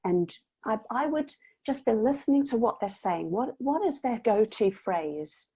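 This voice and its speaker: On a video call, a woman guest earnestly explains mindset strategies to parents, acting out children's voices as she goes. Her voice is fairly high with lively intonation, an unhurried pace, a dark tone and a breathy edge, and the interview chat is casual.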